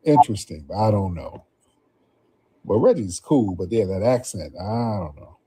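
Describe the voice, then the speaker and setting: A man's voice: fairly low pitch, animated, normal speed, heavy background noise. A man hosting a call-in talk show, speaking casually and repeating himself in a drawl. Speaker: show host.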